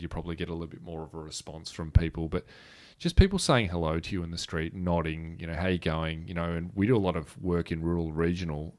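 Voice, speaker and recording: An Australian man in his thirties, telling a story in a rambling way with restarts and fillers. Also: low-pitched. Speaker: guest speaker. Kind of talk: conversational storytelling.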